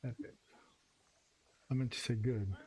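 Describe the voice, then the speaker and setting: A man's voice: medium pitch, fairly even intonation, measured pace, darkish tone, breathy edge. A man hosting a fishing game livestream, joking with friends and greeting viewers in chat. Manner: jokey, teasing, reading chat aloud. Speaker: streamer host. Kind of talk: casual livestream gaming chat. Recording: noisy voice chat line.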